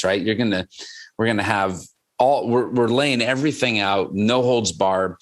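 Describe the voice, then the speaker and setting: A man with a somewhat low voice co-hosting a podcast about scripture. He rambles a little and restarts his sentences, repeating words as he finds his way into a point. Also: normal speed. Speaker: podcast co-host. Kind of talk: casual Bible discussion.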